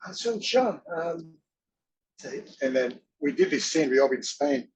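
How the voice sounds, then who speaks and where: A man as an interview guest, telling stories in an animated way, often laughing and acting out voices. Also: fairly high pitch, a little slow, slight background noise, low-quality recording. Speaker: interview guest, wrestler and actor. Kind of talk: casual storytelling.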